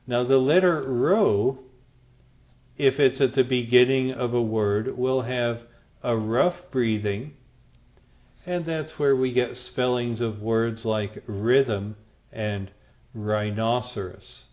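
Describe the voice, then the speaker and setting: Man, Greek teacher, recorded lesson, slow deliberate pace, patient, sounds out letters. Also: mid-range voice, darkish tone. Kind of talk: screen-recorded language lesson.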